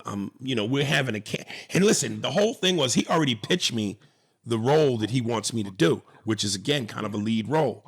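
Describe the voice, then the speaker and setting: A man hosting a comedy podcast, telling animated stories in casual chat and restarting his sentences often. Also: mid-range voice, creaky, slightly rough. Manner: animated, storytelling, restarts a lot.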